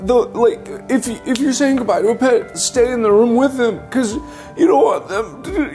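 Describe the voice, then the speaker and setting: A man's voice: extremely high pitch, normal speed, a little mellow, faint music behind. A man co-hosting a podcast in casual chat, joking and swearing, often restarting his sentences. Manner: jokey, swears, trails off and restarts. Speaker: podcast co-host.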